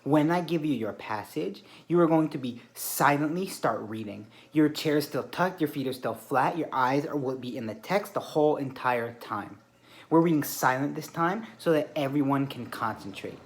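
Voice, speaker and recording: In a fairly high-pitched voice, a male teacher guides a small group of kids at a classroom table with calm, deliberate directions, commenting on and praising their conduct along the way.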